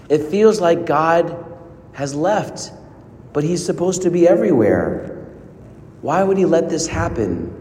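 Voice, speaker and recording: A man preaching a sermon as a priest, earnest, with dramatic pauses and rising emphasis. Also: fairly high pitch, darkish tone. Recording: long reverb of a large hall.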